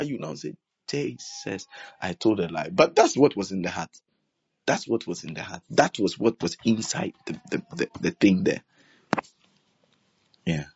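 A man's voice: mid-range voice, breathy edge, no room sound. A man preaching a sermon, emphatic and repetitive, acting out prayers in his own voice. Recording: dull lo-fi sound.

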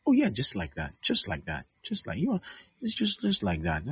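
Eager suitor promising gifts, played by a man, reassuring, repetitive, husky, dry. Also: fairly low pitch, wildly swooping pitch, moderate pace, dry recording, highs cut off, exaggerated voice. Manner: eager, reassuring, repeating himself. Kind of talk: comic sermon skit.

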